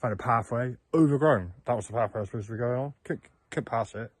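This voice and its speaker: A man from south-west England keeps a rambling, halting hiking diary outdoors, full of fillers and restarts. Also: mid-range voice, no echo, low-quality recording. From Plymouth, south-west England. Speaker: hiker and vlogger. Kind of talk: casual spoken hiking diary. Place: outdoors on open moorland and in woodland. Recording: outdoor camera audio with wind noise.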